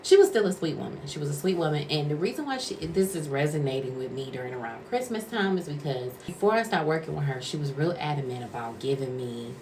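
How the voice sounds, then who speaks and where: A woman's voice: low-pitched, animated, fast, hardly any pauses, a little mellow, slight background noise. A woman vlogger and former caregiver telling a rambling, conversational story and acting out what people said. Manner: rambling, conversational, acts out quotes. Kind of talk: casual storytelling vlog.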